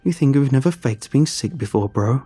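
Laid-back boy ghost, read by a man; quiet, mellow. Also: medium pitch, lively intonation, normal speed, breathy edge, dry recording, soft background music. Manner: quiet and easygoing.

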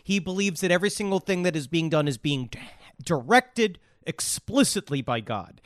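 A man's voice: a little high, animated, normal speed, no echo, clean studio sound. A man co-hosting a true crime podcast, rambling and profane with frequent restarts. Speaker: podcast co-host.

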